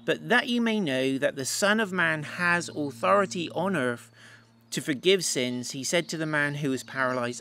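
Guy giving a sermon, slightly high voice, chatty storyteller doing little voices. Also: moderate pace, slight background noise. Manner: lively storyteller, laughs, acts out voices. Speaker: preacher. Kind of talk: sermon retelling a Bible story.

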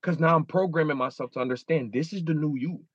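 A man's voice: on the high side, fast, husky, no room sound, highs cut off. A man in his thirties, a guest in a casual interview, telling stories animatedly and acting out his own inner dialogue. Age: 30s.

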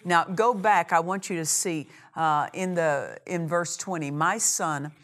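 A woman preaching a sermon, leaning on key phrases and slowing down to read scripture. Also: on the low side, a bit bright. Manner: emphatic, repeats key phrases, slows on scripture.

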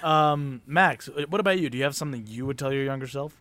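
A man's voice: mid-range voice, fast talker, a bit bright. A young man in casual podcast chat, rambling with many fillers and frequent laughs.

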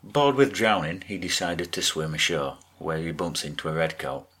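A man co-hosting a podcast, recapping a TV episode with wry, deadpan asides. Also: deep voice, normal speed. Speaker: podcast co-host.

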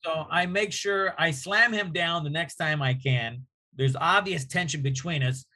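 Bright-voiced man telling a profane story. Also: on the high side, a little slow. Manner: animated, profane anecdote-telling. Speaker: comedian guest. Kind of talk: casual podcast storytelling.

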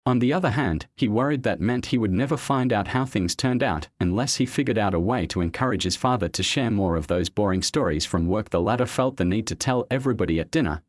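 A man reads a story aloud at a steady, even pace. His voice sits on the low side, and the recording is dry and close, with no room sound around it. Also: dry recording. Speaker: narrator. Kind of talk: scripted storybook narration.

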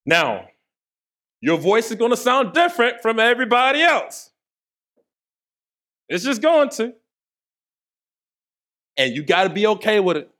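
A man's voice: sits high, big pitch swings, unhurried, long pauses, fairly bright tone. A man preaching a sermon in a conversational way, with playful asides to the congregation. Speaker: pastor.

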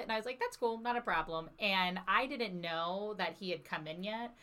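A woman hosting a casual podcast, her voice at a middle pitch with a bright, forward edge. She tells animated stories, acts out the voices of people in them, and laughs often. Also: normal speed. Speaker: podcast host.

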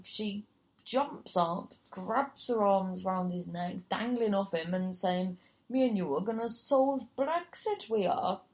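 A woman who works as a comedian and compere casually tells a story about a gig, swearing freely and acting out other people's voices. Her voice is fairly low in pitch with a darkish tone.

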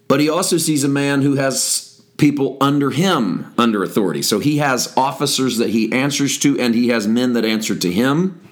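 A man with a mid-pitched voice teaches from a Bible passage on his podcast. He reads verses aloud, then stops to stress key words and unpack them for listeners. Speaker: pastor.

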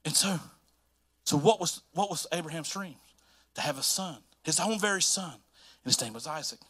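A man from North Carolina with a Southern accent, preaching a sermon as pastor in an animated storytelling manner that repeats phrases for emphasis. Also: a little high, normal speed, slightly rough.

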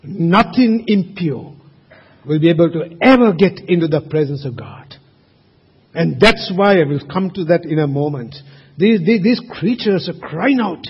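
High husky-voiced preacher in a reverberant hall. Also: male voice, expressive, measured pace. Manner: emphatic, asks the congregation rhetorical questions. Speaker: pastor. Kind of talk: sermon. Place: church service. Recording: reverberant hall, muffled sound.

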